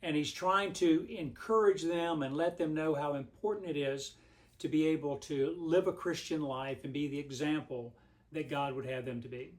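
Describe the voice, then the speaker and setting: A man's voice: a little high, fairly even intonation, normal speed. A man, a pastor giving a devotional message in a homespun, storytelling way. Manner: homespun, rambling storyteller with frequent restarts.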